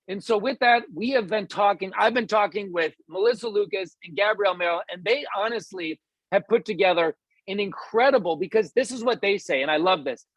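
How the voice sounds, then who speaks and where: Male host, fairly high voice, rallying and enthusiastic, dry close recording. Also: expressive, moderate pace, no room sound, rough recording. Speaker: host of a weekly team call. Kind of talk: motivational team announcement.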